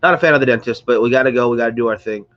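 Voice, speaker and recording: Talking very fast in a mid-range voice, a congested, ill-sounding man chats and rambles through a casual stream, greeting his viewers. The recording loses its high end and comes from a mic close to a screen or phone.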